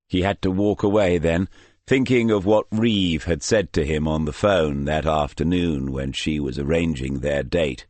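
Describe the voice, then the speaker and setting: A man reading a crime novel aloud in measured, dry storytelling narration. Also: a bass voice, a little mellow, no room sound. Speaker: audiobook narrator. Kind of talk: scripted narration.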